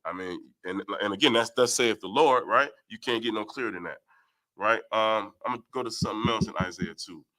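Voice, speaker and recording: A man's voice: fairly low pitch, fairly quick, sharp tone. A man leading a Bible study, reading verses aloud and explaining them, often asking "right?". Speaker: Bible teacher. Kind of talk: scripture study talk.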